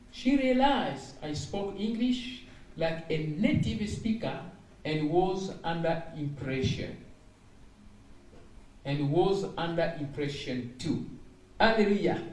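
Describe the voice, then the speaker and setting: Man preaching about dreams, mellow voice, lots of hallelujahs, echoey room. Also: high voice, a little hiss or hum. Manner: exclamatory, repeats phrases, frequent hallelujahs. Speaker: evangelist interpreting dreams. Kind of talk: sermon, reading and interpreting dreams. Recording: echoey room heard from a distance.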